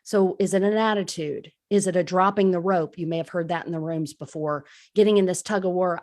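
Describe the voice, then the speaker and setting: A woman's voice: on the low side, fairly even intonation, brisk, few pauses. A woman speaking in a candid, self-deprecating way, giving a casual recovery talk on a live stream as a crisis support speaker.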